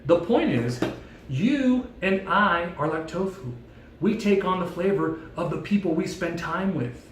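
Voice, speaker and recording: A man giving a playful devotional talk with props, telling a story in a jokey, animated way. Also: high voice, measured pace, slight background noise. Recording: echoey room, mic at a distance.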